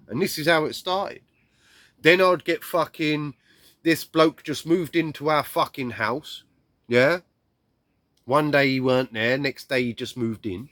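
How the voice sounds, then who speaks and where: A man's voice: fairly high pitch, steady tone, a little slow, dry recording. Blunt, swearing man. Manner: blunt, heavy swearing, acts out shouts and quoted lines. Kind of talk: raw personal storytelling.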